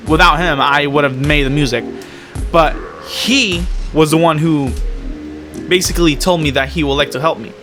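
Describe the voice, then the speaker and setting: A man talking casually about his animation projects, rambling with plenty of fillers and restarts. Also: a little high. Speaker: animation creator and vlogger. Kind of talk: casual vlog talk.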